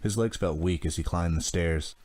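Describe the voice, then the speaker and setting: Deep-voiced male audiobook narrator. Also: moderate pace, darkish tone. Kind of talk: scripted narration.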